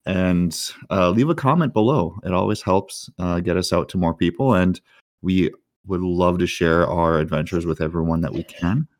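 A man hosting and narrating a tabletop game as game master, relaxed and joking. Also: low voice, normal speed, no echo, studio quality. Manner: relaxed, joking, plugs the channel.

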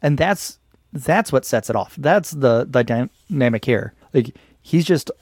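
A man's voice: medium pitch, lively intonation, unhurried, a little mellow, dry recording, clean studio sound. A man co-hosting a podcast in casual conversation, loosely retelling scenes with some swearing. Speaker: podcast co-host reviewing an anime.

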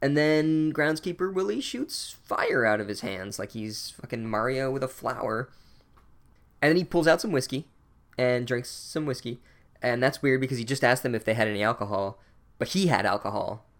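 A man recapping a book chapter with deadpan sarcasm and profane asides. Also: medium pitch, normal speed.

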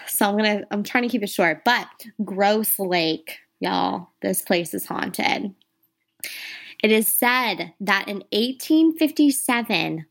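A woman co-hosting a podcast, chatting casually as she tells ghost stories and talks straight to her listeners. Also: medium pitch. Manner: chatty, addresses listeners as "you guys". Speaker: podcast co-host. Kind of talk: casual ghost-story chat.

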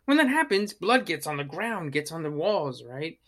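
A podcast co-host chats casually while reviewing movies, talking animatedly, swearing, and acting out their own reactions. The voice is medium in pitch and runs at normal speed.

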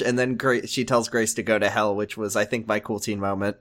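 A man's voice: fairly low pitch, fairly quick. A man co-hosting a casual podcast, wryly retelling episode scenes. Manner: wry, lively storytelling. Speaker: podcast co-host. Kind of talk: casual recap chat.

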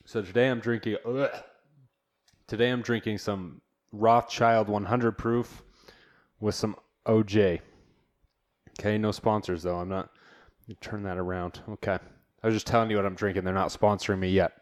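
A man hosting a casual solo podcast from a home studio, rambling in a relaxed, slangy way. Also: on the low side, normal speed, long pauses. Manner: laid-back, slangy, rambling with fillers. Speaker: podcast host.

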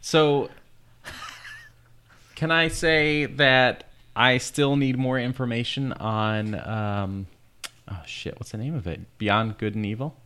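A man's voice: medium pitch, slow pace, bright, forceful tone, smooth. A man co-hosting a podcast in casual chat, easygoing and making self-mocking jokes. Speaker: podcast co-host.

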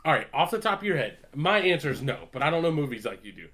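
A man with a slightly high voice chatting casually on a podcast. He talks in an animated way, swears freely and laughs often. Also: quick pace. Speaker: podcast co-host. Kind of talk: casual chat.

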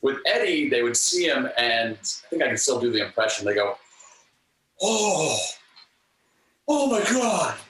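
Animated man telling stories, echoey. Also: medium pitch, brisk, hardly any pauses. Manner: animated, earnest, acts out quotes. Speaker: guest. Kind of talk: storytelling anecdotes in an interview. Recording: echoey room, distant mic, faint ambience.

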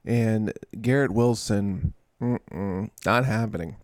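A man hosting a casual podcast, loose and rambling, joking at his own expense. His voice has a steady gravelly fry, recorded close and dry with no room sound. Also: mid-range voice, normal speed, no room sound. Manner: rambling, jokey, self-mocking. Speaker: podcast host. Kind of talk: casual chat.

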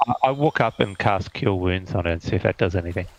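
Gravelly, halting male player. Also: low-pitched, expressive, rough recording. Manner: halting, full of fillers. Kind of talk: tabletop game play, speaking in character.

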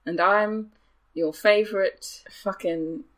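A woman co-hosting a comedy podcast, joking in a playful deadpan way and laughing often. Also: medium pitch, slow, rough recording. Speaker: podcast co-host. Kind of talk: casual comedic chat.

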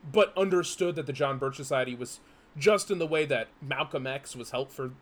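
A man's voice: medium pitch, fairly bright tone. Rambling male podcast co-host. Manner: explains at length with many restarts and fillers. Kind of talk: casual chat.

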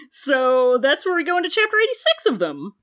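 A woman co-hosting a casual book-discussion podcast, animated and profane, laughing often and reading passages aloud. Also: high voice, normal speed. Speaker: podcast co-host.

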